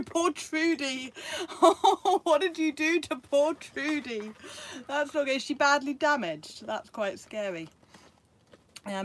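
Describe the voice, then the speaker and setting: A woman chatting excitedly to viewers on a live stream from her motorhome, recorded on her phone. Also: mid-range voice, slight background noise. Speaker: vlogger. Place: motorhome in a field.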